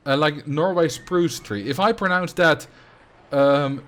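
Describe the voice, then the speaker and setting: A man's voice: fairly high pitch, slow pace, fairly bright tone. Chatty Dutch man streaming. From Netherlands. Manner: chatty, rambling, reacts to chat with fillers. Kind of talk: casual livestream chat.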